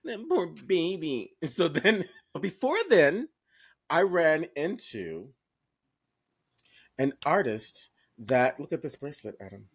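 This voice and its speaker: A man co-hosting a podcast, chatting casually and telling a lively story, talking straight to listeners and swearing freely. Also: on the high side, slow pace, breathy edge. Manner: animated storyteller who acts out quoted voices. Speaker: podcast co-host. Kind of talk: casual chat.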